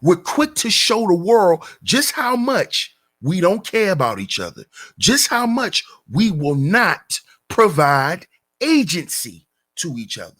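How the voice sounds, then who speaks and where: A man's voice: high voice, huge pitch swings, slow, a bit bright. A man hosting his own channel, giving an emphatic commentary rant full of repeated rhetorical questions. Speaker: channel host.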